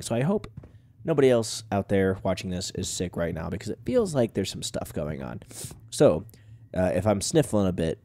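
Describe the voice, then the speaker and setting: A man's voice: low voice, dark tone. Congested man rambling over a game. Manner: rambling, chatty, talks to the game. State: stuffed up with a cold. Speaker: gaming video host. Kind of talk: casual let's-play commentary.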